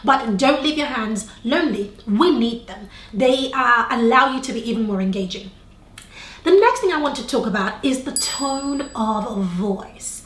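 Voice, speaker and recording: A woman's voice: fairly high pitch, animated, unhurried, roomy sound. A young adult woman teaching on-camera tips to the viewer, shifting her tone and pace on purpose and checking in with questions. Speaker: video presentation coach. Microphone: camera facing speaker.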